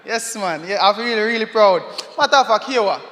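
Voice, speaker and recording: A man's voice: sits high, expressive, fairly quick, sharp tone. A Jamaican man hosting a gala from the stage, playful and laughing, slipping into patois for a comic poem, on a handheld mic in a large echoey hall. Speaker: event emcee. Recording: echoey hall with long reverb.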